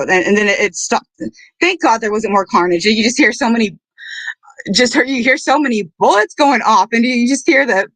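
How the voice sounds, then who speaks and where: A woman hosting a casual livestream, talking in an earnest, halting and apologetic way. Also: a little high, dry recording. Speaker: livestream host.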